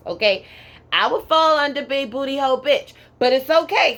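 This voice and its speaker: A woman's voice: high-pitched, expressive, moderate pace, a bit bright. A woman giving a casual pick-a-card tarot reading in a sassy, profane, emphatic way, drawling words for emphasis and tagging lines with "okay?".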